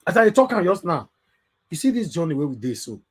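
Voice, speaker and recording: A man with a Nigerian Pidgin English accent hosting an online call-in show, lecturing in a preachy way that rises to loud emphatic bursts. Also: fairly high pitch, big pitch swings, fairly quick, slightly rough. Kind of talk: impassioned live talk show.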